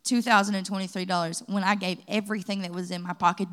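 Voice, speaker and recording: A woman's voice: mid-range voice, quick pace, hardly any pauses. A woman from the pastoral staff with a Kentucky accent, preaching at a church Bible study and mixing personal testimony with scripture. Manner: lively storytelling, rising to exhortation. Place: church sanctuary.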